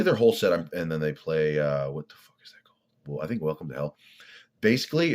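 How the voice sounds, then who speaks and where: A man vlogging in a rambling, profane, blunt way, drifting from topic to topic. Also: extremely low pitch. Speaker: fitness vlogger. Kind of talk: rambling casual monologue.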